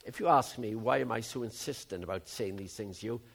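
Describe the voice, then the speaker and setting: A man in his seventies preaching a sermon, moving from low musing to loud, emphatic outbursts. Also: a little fast, creaky. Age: 70s.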